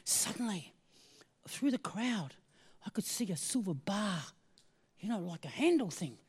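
A woman preaching a sermon, telling a personal story with animated swings between hushed asides and excited exclaiming. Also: mid-range voice, unhurried, breathy edge.

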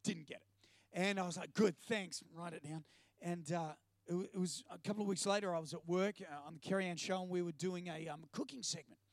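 A preacher and TV presenter delivers a sermon in a high-pitched voice, moving fairly quickly with no echo. He's animated, telling stories sprinkled with jokey asides.

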